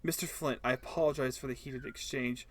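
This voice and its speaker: A man's voice: medium pitch, fairly even intonation, fairly quick, slight background noise, natural voice. A man voicing a polite, anxious neighbour who speaks formally and apologetically. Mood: polite, urgent.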